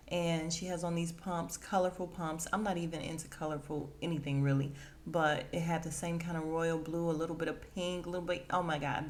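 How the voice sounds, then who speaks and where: A woman hosting a podcast, casually recapping a TV episode and acting out the characters' lines with lively, expressive delivery. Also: on the low side. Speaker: podcast host.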